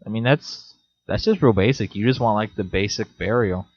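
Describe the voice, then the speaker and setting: A young man co-hosting a podcast in casual chat, rambling and joking, now and then jumping into high silly voices. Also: normal speed, breathy edge, no echo. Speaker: podcast co-host. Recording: slightly dull lo-fi sound.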